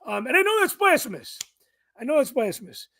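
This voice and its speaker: A man with a strikingly high, thin, strained voice talks in loose, casual podcast chat. He is blunt, swears freely and laughs easily. The sound is close and dry, with no room around it. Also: big pitch swings, fairly quick, creaky, a bit bright, no echo. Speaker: podcast co-host guest.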